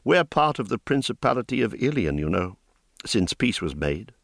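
A man's voice: on the low side, very animated, normal speed, vocal fry, dry recording, clean studio sound, heavily acted. A man voicing a cocky, gossipy young male wizard student who talks in a chatty, offhand way. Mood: earnest.

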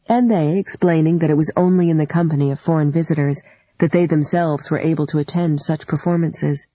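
Audiobook narrator: warm, slightly husky, dry close sound, deliberate literary reading. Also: medium pitch, fairly even intonation, dry recording, rough recording.

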